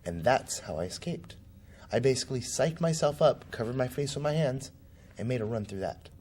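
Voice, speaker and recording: A man's voice: medium pitch, expressive, normal speed, darkish tone. A man being interviewed as a political candidate, telling a personal story vividly and acting out the voices of the people in it. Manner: vivid, acts out quoted voices.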